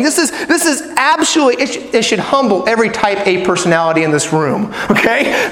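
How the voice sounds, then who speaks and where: A middle-aged man, a pastor, preaching a sermon in an animated way, acting out the people in his story. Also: high voice, fairly quick, few pauses. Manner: animated, acts out people and God in quoted voices. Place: church sanctuary. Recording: echoey hall with long reverb.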